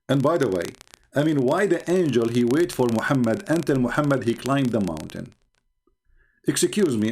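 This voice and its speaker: A man's voice: mid-range voice, darkish tone. A man with an Arabic accent, from the Arab world, telling a story on a livestream in a sarcastic, theatrical way, repeating words for effect. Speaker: online religion debater. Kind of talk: mocking livestream talk. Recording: noisy mic on livestream.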